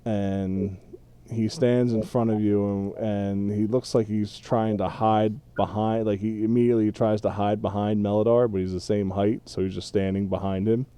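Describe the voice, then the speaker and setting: A man narrating a tabletop role-playing game as game master, describing scenes in an unhurried way with pauses. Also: on the low side, flat delivery, dark tone, smooth. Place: home setup, streamed.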